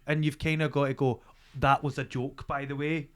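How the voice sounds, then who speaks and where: A man's voice: mid-range voice, flat delivery, moderate pace, clear, resonant tone. A man hosting a podcast interview, joking and swearing casually as he chats. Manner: jokey, swears casually, says "do you know". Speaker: podcast host. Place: home, during lockdown.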